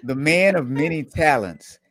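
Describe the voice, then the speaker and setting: A man's voice: a little high, lively intonation, unhurried, a bit bright, no echo, clean studio sound. Upbeat man hosting a podcast. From Southern United States. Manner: upbeat, reads viewer comments aloud. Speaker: podcast host. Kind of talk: casual chat.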